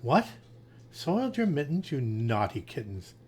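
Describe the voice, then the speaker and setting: A man's voice: mid-range voice, very animated, measured pace, darkish tone, a little hiss or hum. Man doing a scolding mama cat, stern, swoopy voice.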